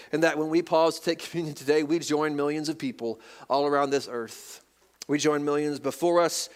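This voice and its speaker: Folksy pastor preaching a sermon. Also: male voice, on the high side. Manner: folksy, reads scripture aloud, jokes with congregation. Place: church sanctuary.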